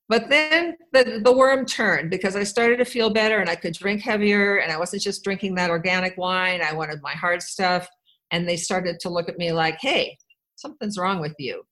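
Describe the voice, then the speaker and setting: Woman from wisconsin, lowish voice, rambly and frank, telling her story to a room. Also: fairly bright tone, rough recording. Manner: candid, rambling, wry, with restarts. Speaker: speaker sharing her life story. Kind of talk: personal storytelling talk.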